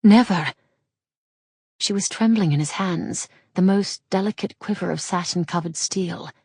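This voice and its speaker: A woman narrating a romance audiobook with soft, intimate pacing. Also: fairly low pitch, normal speed, breathy edge, no room sound, studio quality.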